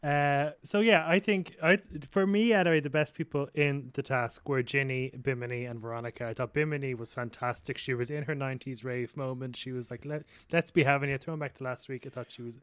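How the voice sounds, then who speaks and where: Guy hosting a podcast, smooth clear voice a bit high, easygoing, dry sound. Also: steady tone, brisk, few pauses, fairly bright tone, no echo. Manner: leads segments, easygoing. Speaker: podcast host. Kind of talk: casual podcast chat.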